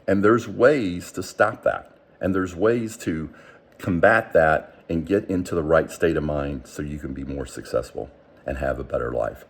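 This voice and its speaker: Low, husky-voiced male coach. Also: a little slow. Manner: earnest and explanatory, with frequent restarts. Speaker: mindset coach. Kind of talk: motivational teaching talk.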